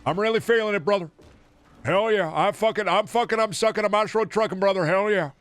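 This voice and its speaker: A man doing a brash, swaggering pro wrestler, pitched way up and bellowing. He keeps hollering catchphrases with cocky, pumped-up bravado. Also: fast, no echo. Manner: shouty catchphrase-heavy bravado. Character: loud swaggering male pro wrestler, hyped up.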